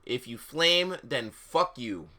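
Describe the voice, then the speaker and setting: A man's voice: mid-range voice, expressive, slow, bright, forceful tone. A man reading fan fiction aloud on a live stream, breaking off for sarcastic, incredulous asides. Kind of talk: mocking dramatic reading with commentary.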